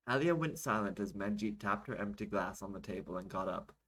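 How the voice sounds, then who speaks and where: A man's voice: sits low, fairly quick, hardly any pauses, low-quality recording. Tired man reading his own novel aloud. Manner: reads with asides and small self-corrections. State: tired from being up all night. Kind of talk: audiobook-style reading of a serialized novel.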